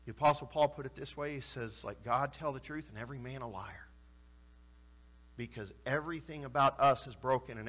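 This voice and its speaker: A man preaching a sermon, retelling scripture stories and acting out the voices of the people in them. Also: mid-range voice. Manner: animated, acts out quoted voices with rising intensity. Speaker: pastor.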